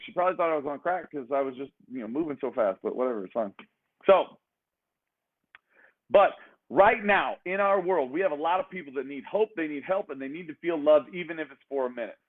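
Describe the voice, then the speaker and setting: A fitness coach pumps up his listeners in a motivational talk, stacking short emphatic exhortations one after another. His voice sits a touch high for a man. The sound is thin and tinny, as if it were heard over a phone line. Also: brisk. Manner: energetic, emphatic, repetitive exhortations. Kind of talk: motivational speech.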